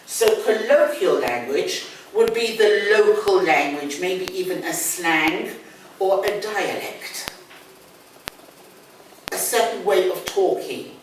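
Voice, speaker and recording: In an echoey room picked up by a distant mic, with faint noise in the background, an older woman with a London accent teaches a one-on-one English lesson. Her mid-range voice is slow as she explains patiently and repeats key words.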